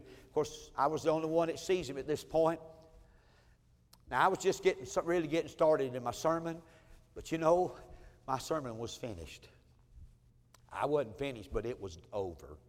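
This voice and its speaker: Pastor with a ringing hall echo. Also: male voice, on the high side. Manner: heartfelt, emotional telling with many repeated phrases. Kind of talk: storytelling sermon. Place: church sanctuary.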